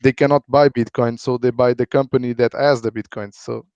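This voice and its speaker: A man talking casually on a live stream, halting and full of fillers and repeated words. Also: mid-range voice, steady tone, darkish tone, smooth, dry recording. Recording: dry, dull lo-fi audio.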